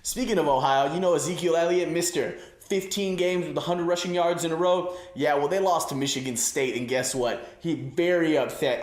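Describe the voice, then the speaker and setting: A man's voice: on the high side, moderate pace, few pauses, echoey room. A man in his twenties riffing on sports in a loose, slangy comedy set, a little winded. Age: 20s. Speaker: host. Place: room with an audience.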